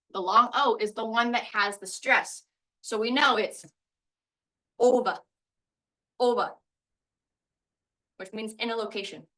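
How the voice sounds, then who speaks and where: A woman's voice: on the high side, sharp tone, recorded from a distance, poor audio. A woman teaching a recorded language lesson, explaining pronunciation step by step. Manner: explanatory, walks through examples step by step.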